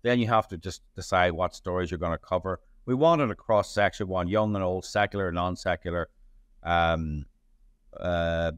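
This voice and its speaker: A journalist and playwright answers interview questions in a rambling way, full of restarts and fillers. His voice is low-pitched, and there's no room sound.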